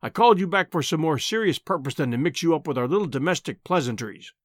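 A man playing a booming, pompous old professor. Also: lively intonation, fast talker, no room sound, studio quality. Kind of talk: audiobook character voice.

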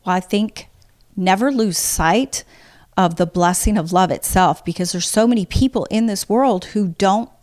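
A woman's voice: medium pitch, normal speed, a little mellow. A middle-aged woman, giving earnest, heartfelt advice as an interview guest. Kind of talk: casual conversation.

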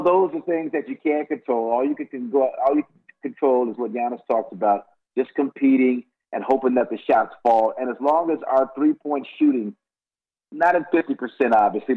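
An older man in his sixties from Los Angeles tells stories as a guest on a sports radio show, often stalling and repeating words as he goes. His voice is slightly husky and sits at an ordinary pitch. The audio is dull and lo-fi, like a radio broadcast. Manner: rambling, with frequent repeated words and restarts. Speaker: guest, former college basketball player. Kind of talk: casual radio interview storytelling.

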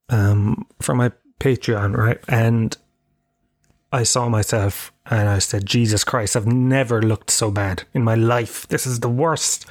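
An Irish man in his thirties hosting a podcast alone, rambling and swearing in a self-mocking way. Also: medium pitch. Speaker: podcast host. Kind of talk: casual solo monologue. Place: home room with bookshelves.

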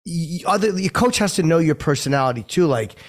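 A man's voice: fairly high pitch, animated, brisk. A man hosting a casual interview, asking long rambling questions full of restarts. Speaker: podcast host.

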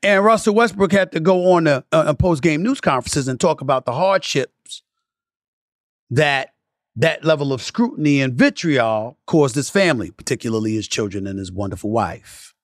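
A man's voice: normal speed, no room sound. Emphatic man with a dry, close voice. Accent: New York. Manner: emphatic, rising to impassioned lists and dropping to low asides. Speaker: podcast host. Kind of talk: sports commentary monologue.

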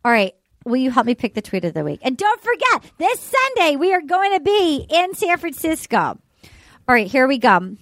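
A woman's voice: sits high, sing-song, normal speed, fairly bright tone, dry recording, studio quality. A woman hosting a podcast, chatty and gushing as she reads listener mail. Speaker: podcast host. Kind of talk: casual chat.

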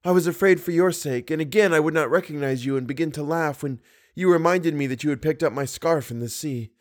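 A man reading the part of a devoted, fearful young woman singer in a measured, earnest audiobook reading. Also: a little high, lightly acted.

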